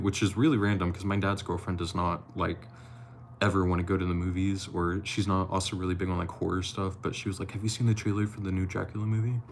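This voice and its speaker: Low, gravelly-voiced man chatting on a live stream. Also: a little hiss or hum. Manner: loose and chatty, swears casually, slips while reading. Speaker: live-stream host reading a novel aloud. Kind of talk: casual live-stream reading and chatting with viewers.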